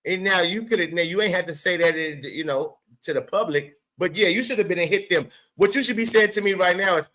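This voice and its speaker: A man's voice: high-pitched, brisk, few pauses, bright, forceful tone, low-quality recording. A man hosting his own show, giving a profane, emphatic commentary rant and talking straight at the person he is discussing. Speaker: show host.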